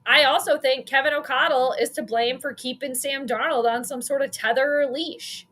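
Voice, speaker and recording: A woman's voice: high-pitched, steady tone, normal speed, a bit bright. A young woman giving casual live-stream commentary on a game as a frustrated fan, blunt and swearing freely.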